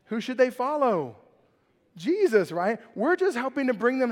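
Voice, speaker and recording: A man preaching a lively sermon to a live congregation, joking with the crowd and often asking "right?". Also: very high-pitched, moderate pace. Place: large church hall with congregation. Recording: long hall reverb.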